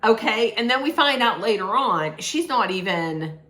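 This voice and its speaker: A woman with a fairly high, animated voice, pushed and bright at a normal speed, casually spoils a film's plot as a reviewer. Her recap wanders, with restarts and frequent use of "like."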